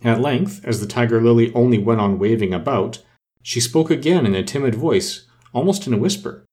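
A man reading a storybook aloud as narrator in an expressive, animated way. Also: medium pitch, normal speed.

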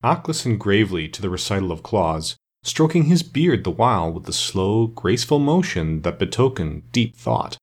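A man with a somewhat low voice narrating an audiobook. He reads at a measured, even storytelling pace. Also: breathy edge.

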